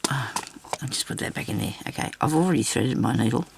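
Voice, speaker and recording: A woman's voice: a bass voice, animated, quick pace, gravelly, noisy background. A woman vlogging a crafting demonstration, rambling and chatty as she talks straight to her viewers.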